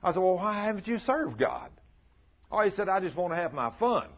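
Older guy preaching, husky voice that swings up and down a lot, muffled lo-fi sound. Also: high voice, big pitch swings, brisk. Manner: storytelling, asks the listeners questions. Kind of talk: folksy sermon. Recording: muffled lo-fi recording.

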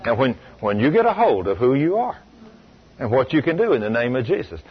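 A man's voice: on the high side, very animated, fairly quick, husky. A man preaching a sermon, telling stories emphatically and asking the congregation rhetorical questions. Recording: dull lo-fi recording.

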